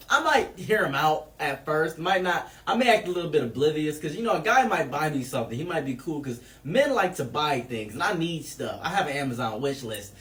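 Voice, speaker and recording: A man improvising absurd comedic answers in a deadpan, rambling way with lots of fillers. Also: on the high side. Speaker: comedy creator answering questions.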